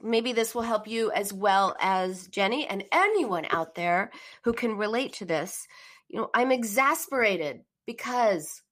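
Earnest middle-aged woman, therapist host, warm encouraging delivery. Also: medium pitch, expressive, unhurried. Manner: earnest and encouraging, acts out emotional phrases. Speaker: therapist hosting a call-in live stream. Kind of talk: casual live-stream advice talk.

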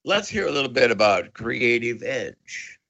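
Gravelly, lively-voiced male radio host. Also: mid-range voice, unhurried, lo-fi sound. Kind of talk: radio show hosting. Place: radio studio.

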